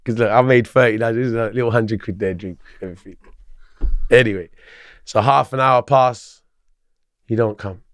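A man from London, a podcast guest, telling a story in an animated, slangy way with plenty of swearing. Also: medium pitch, normal speed, long pauses, no echo, clean studio sound. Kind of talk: casual storytelling.

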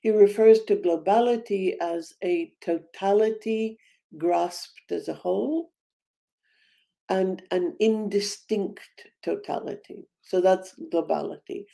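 A woman giving an academic talk on a video call, thoughtful and halting, with frequent ums and restarts. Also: medium pitch, vocal fry, warm tone. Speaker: panel speaker.

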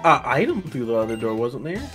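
A man's voice: medium pitch, sing-song, brisk, a bit bright, soft background music. A man co-playing a game on stream, teasing his friend and laughing often in casual commentary. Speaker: co-op guest player.

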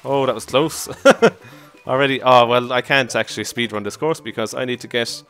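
A man giving casual commentary over his own gameplay, excitable, often exclaiming and laughing at his mishaps. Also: medium pitch, moderate pace, soft background music. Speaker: let's play commentator.

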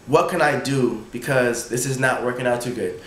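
A young man excitedly retelling a sports story in a casual vlog, acting out his own thoughts. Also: medium pitch, normal speed, reverberant, slight background noise. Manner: excited, animated retelling with quoted inner thoughts. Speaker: college triple jumper.

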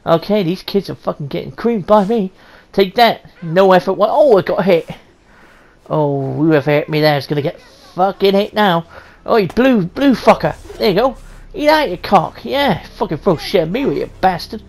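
A woman's voice: fairly low pitch, lively intonation, normal speed, darkish tone. A woman playing a story game on a stream, swearing constantly in brash, jokey commentary. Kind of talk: profane casual gameplay commentary.

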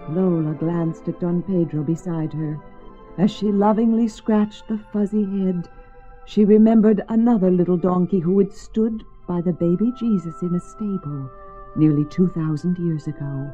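A woman gently and expressively reading a children's story aloud, in a slightly muffled lo-fi recording. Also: lowish voice, normal speed. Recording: slightly muffled lo-fi with faint music.

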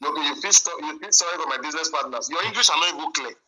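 A man's voice: a little high, very fast, pushed and bright, low-quality recording. A man calling in, angry and accusing, repeating himself as he argues. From Nigeria. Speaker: caller.

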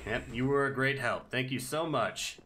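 Excitable bright-voiced male game streamer. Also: mid-range voice, normal speed, a little hiss or hum. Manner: excitable, yelling at enemies and thanking viewers. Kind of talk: live gameplay stream commentary.

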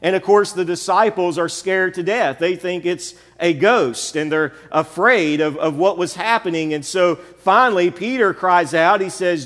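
High-voiced preacher in a reverberant church. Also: male voice, measured pace, few pauses, a bit bright. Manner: preacherly, repetitive calls of "amen?". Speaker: pastor. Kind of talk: sermon. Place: church sanctuary.

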